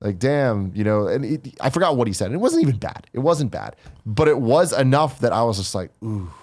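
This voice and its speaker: A man's voice: mid-range voice, big pitch swings, a little fast, darkish tone. A man co-hosting a podcast in casual chat, telling stories and acting out what people said. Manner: storytelling, acts out quoted voices. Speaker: podcast co-host.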